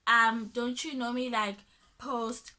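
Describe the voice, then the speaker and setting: A young woman, telling a dating story in a casual storytime vlog, animated and sometimes dropping to a mutter. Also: a little high, measured pace, very noisy. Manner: animated, drops to a mutter when dismissive.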